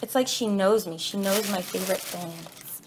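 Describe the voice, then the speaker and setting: A young woman with a mid-pitched voice gushes over each gift she unboxes, full of excited thank-yous and quick apologies to her viewers. She is filming herself on a phone held in one hand in her kitchen, and a faint hiss of room noise sits under her voice. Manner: gushing, excited, apologetic asides. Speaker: vlogger. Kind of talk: casual unboxing vlog. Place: home kitchen.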